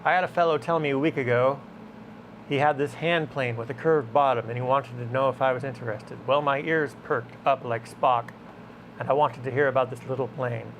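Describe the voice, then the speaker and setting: A man's voice: medium pitch, fairly even intonation, fairly quick, slight background noise, poor audio. A man vlogging from a guitar shop, talking casually and rambling with muttered asides. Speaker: vlogger restoring tools. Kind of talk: casual talk to camera while working.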